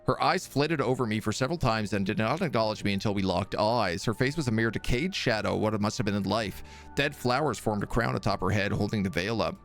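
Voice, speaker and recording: A man streaming a game, reading its story text aloud in a measured way and chatting softly to his cat between passages. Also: fairly low pitch, soft background music.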